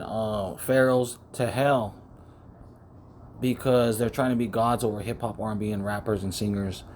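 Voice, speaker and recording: A man's voice: lowish voice, darkish tone, slight background noise. A man preaching in a rambling monologue, often repeating words, speaking close to the microphone. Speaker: self-styled preacher.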